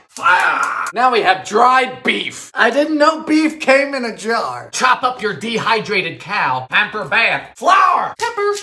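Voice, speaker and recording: A man baking from vintage recipes, narrating with campy, theatrical sarcasm and sudden loud exclamations, in a home kitchen. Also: very high-pitched, roomy sound. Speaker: home baker.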